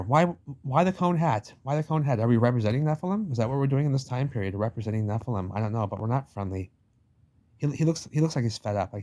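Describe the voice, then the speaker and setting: A man ranting his way through a picture book in a loose, slangy commentary. He is emphatic and repetitive, drops casual swears and talks straight to the listener. His voice sits at an ordinary middle pitch for a man. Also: mellow. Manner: slangy, addresses listener as "baby". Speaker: channel host.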